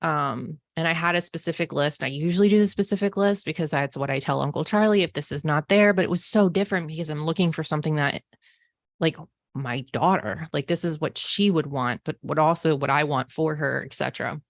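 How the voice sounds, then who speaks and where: Speaking a little fast in a low voice, this woman in her forties, a psychic medium who hosts a podcast, shares a personal story full of "like" and "um." The studio-quality recording has no room sound.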